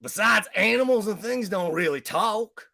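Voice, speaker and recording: A man's voice: high-pitched, moderate pace, vocal fry, bright, forceful tone, pitched above the performer's own voice, exaggerated voice. A man voicing an angry, hotheaded male match who bullies and bans books, reading aloud in a playful children's-book style.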